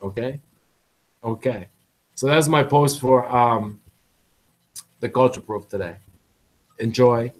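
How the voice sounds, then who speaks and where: A man's voice: medium pitch, slow, pauses often, low-quality recording. A man blogging in a casual, rambling monologue, repeating himself, restarting phrases and chuckling between them.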